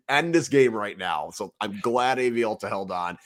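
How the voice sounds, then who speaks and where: Male co-host, very lively pitch, frustrated play-by-play storytelling about a match. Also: quick pace. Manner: lively, frustrated storytelling, acts out his own reactions. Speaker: podcast co-host. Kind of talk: casual sports chat.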